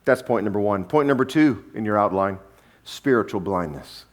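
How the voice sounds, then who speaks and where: A man preaching a sermon as pastor, animated and humorous, acting out the people in his story. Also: fairly low pitch, normal speed. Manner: animated storytelling, acting out quotes with shifting voices; sarcastic, humorous asides.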